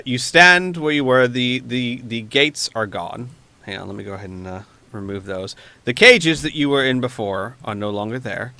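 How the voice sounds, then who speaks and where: A man's voice: medium pitch, bright, forceful tone, clean tone, dry recording. A man narrating a tabletop role-playing game as game master, rambling with many fillers and restarts. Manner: rambling, full of uhs and restarts.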